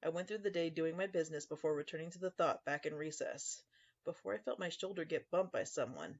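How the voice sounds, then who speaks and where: A man's voice: fairly high pitch, fairly quick, muffled recording. A man narrating a scripted first-person horror story in a dry, sarcastic tone.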